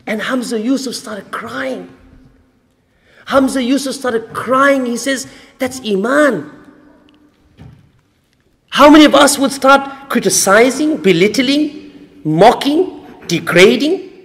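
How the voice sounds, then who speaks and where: A high-pitched man delivers a mosque sermon, stacking rhetorical questions and repeating key lines. His voice carries a long reverberant tail from the mosque hall. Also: animated, unhurried, a bit bright. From Australia. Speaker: sheikh giving a mosque lecture.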